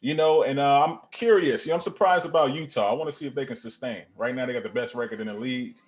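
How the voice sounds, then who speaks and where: A man's voice: mid-range voice, quick pace. A laid-back man co-hosting a sports podcast, talking loosely with many "you know"s. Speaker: podcast co-host. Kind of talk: casual sports chat.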